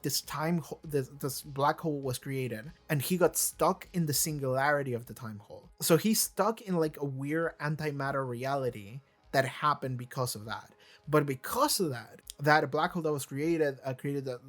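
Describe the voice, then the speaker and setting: A man's voice: mid-range voice, a bit bright. A man hosting a reaction video, rambling through casual commentary with lots of fillers, restarts and casual swearing.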